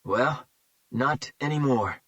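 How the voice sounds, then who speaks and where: A man's voice: medium pitch, slow, pushed and bright, no room sound. A man voicing a cold, menacing male kidnapper with a throaty, firm voice, in an audiobook. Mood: cold threatening. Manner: threatening, clipped.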